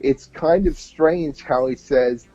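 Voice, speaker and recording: A man's voice: medium pitch, slow pace, dark tone, no room sound, soft background music. An American man with a slight New York-tinged accent, a musician guest chatting casually and playfully in an interview over slightly muffled audio. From Connecticut, USA. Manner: chatty, laughing, playful impressions.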